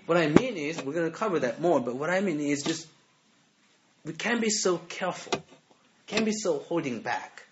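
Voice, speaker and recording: A man preaching to a youth group in an animated way, laughing often and checking in with his listeners. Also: a little high, normal speed, noisy background. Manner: animated, laughs often, keeps asking "right?". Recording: dull lo-fi recording.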